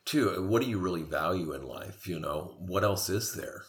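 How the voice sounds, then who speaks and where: A man hosts a podcast conversation in a very low, deep voice. He thinks aloud at length. He often restarts his sentences as he gropes toward a point. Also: animated, normal speed. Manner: meandering, reflective, with many restarts.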